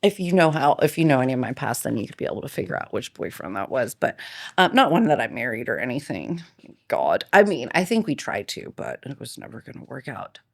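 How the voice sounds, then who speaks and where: A woman hosting a podcast, chatting casually and telling animated stories with frequent laughter. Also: very deep voice, fast talker, gravelly. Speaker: podcast host. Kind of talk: casual chat.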